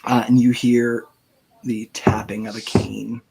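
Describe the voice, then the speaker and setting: Guy running a tabletop game, laid back, lots of uhs, husky voice. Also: mid-range voice, soft background music. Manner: relaxed, halting, lots of fillers. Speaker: game master.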